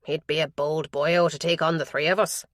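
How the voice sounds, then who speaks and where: A woman narrator voicing a gruff male police constable with a harsh Donegal accent, blunt but kind. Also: sits low, flat delivery, moderate pace, no room sound, close to an everyday voice. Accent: Donegal Irish.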